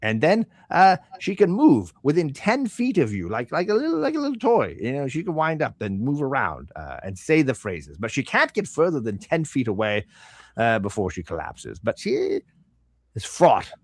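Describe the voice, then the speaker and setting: Guy playing a scatterbrained magic shop owner, squeaks up high and swoops around, dry close sound. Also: huge pitch swings, moderate pace, no room sound. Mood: eager salesy. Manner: high, flustered, rambling sales patter. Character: fussy, scatterbrained male shopkeeper of magic goods.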